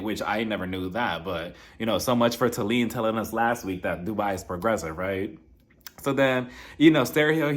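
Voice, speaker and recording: A man's voice: lowish voice, animated, brisk. A man hosting a casual, gossipy recap of a reality TV episode, chatting and acting out what people said in playful voices. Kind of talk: casual episode review commentary.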